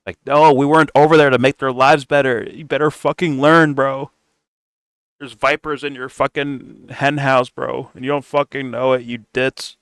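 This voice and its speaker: A man's voice: mid-range voice, level tone, normal speed, a bit bright, clear, resonant tone, no echo, clean studio sound. A young man hosting a reaction commentary, cursing and mocking in a blunt, sarcastic way. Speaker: commentary host reacting to clips.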